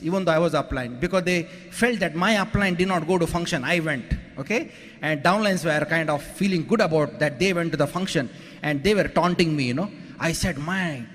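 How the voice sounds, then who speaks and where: A man with a fairly high voice tells his story to a conference crowd, joking and acting out what people said. His voice rings out with a long reverb from a large hall. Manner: animated, joking, acts out quotes, frequent "okay?" asides. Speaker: motivational speaker at a business conference. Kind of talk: storytelling speech to a live audience.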